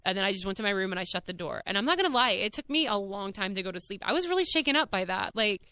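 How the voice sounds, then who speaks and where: A woman hosting her own podcast, telling a personal story in a candid, casual way, animated and full of "like" and the odd swear word. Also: medium pitch, rapid-fire, clear, resonant tone, no echo. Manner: frank, animated, heavy use of "like". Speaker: podcast host.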